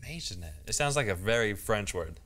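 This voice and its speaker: An American man co-hosting a casual chat, playful and quick to laugh. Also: fairly low pitch, animated, a bit bright. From United States. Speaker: co-host.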